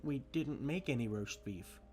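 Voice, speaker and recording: A man's voice: medium pitch, animated, a little slow, a little mellow, soft background music, close to an everyday voice. A man voicing a careful, polite teenage girl in a storybook reading, earnest and level. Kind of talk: storybook read-aloud.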